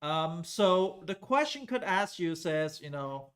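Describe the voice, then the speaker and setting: Man teaching a classroom, fairly high voice. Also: expressive, slow, fairly bright tone, smooth. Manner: keeps checking in with students; loose, conversational teaching. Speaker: calculus teacher. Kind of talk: live classroom lecture.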